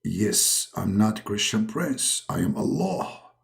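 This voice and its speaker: A man voicing a solemn male deity who speaks slowly and drags out his words. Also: fairly low pitch, sing-song, gravelly, voice pushed down, full character voice. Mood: insistent. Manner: slow, drawn-out, solemn. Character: slow booming male deity making a phone call.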